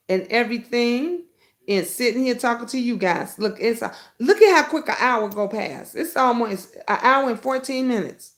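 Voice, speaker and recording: Chatty woman hosting a live stream. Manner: chatty, greets viewers by name, swings into high excited bursts. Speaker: livestream host. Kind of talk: casual live chat with viewers.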